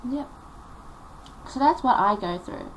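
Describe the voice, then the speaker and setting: A woman's voice: on the high side, animated, slow, low-quality recording. Young aussie girl vlogging, emotional and rambly, bit of hiss on the recording. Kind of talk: casual storytelling vlog.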